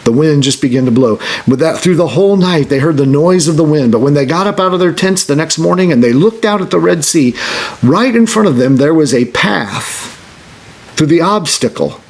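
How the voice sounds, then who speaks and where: Husky guy preaching, earnest, repeats words, builds up when he stresses a point. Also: a little high, expressive, normal speed, a little mellow. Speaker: pastor. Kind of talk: sermon.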